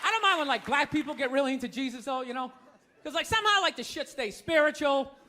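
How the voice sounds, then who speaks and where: A man's voice: extremely high pitch, animated, fast talker, pushed and bright, some chatter behind. A man doing stand-up comedy, ranting in a profane, incredulous way. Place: stage before a live audience.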